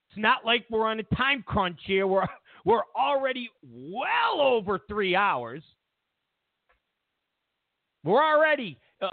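A man with a high voice hosts a political commentary monologue, recorded dry with narrow, tinny audio. He mocks others throughout, acting out their quotes in silly voices.

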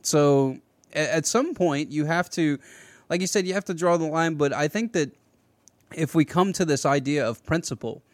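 A man hosting a casual political podcast, talking in an animated, rambling way with many restarts. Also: on the high side, normal speed, dry recording. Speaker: podcast host.

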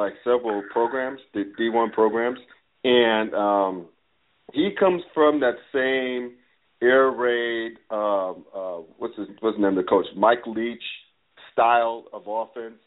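Casual male host, phone-quality audio, loose and excitable, lots of filler. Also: medium pitch. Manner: chatty, laughs and says "dude", stumbles on words. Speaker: podcast host. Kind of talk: casual podcast chat. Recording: phone-like line.

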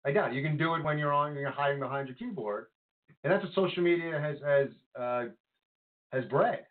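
A man co-hosting a casual podcast, talking politics in an animated, rambling way with lots of fillers and restarts. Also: on the high side, moderate pace. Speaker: podcast co-host. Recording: phone-like lo-fi line.

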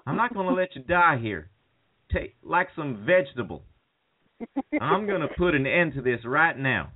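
A man's voice: a little high, very animated, moderate pace, voice pushed up. A man doing an impression of a goofy young buddy pleading at a friend's sickbed, in a put-on drawl. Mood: frantic pleading. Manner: pleading, rising to frantic yelps. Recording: phone-like call audio.

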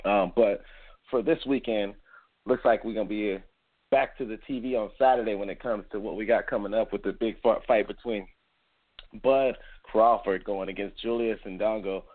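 A man's voice: fairly low pitch, fairly even intonation, normal speed. A man hosting a casual boxing podcast, chatting upbeat with his co-host. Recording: tinny phone-like line.

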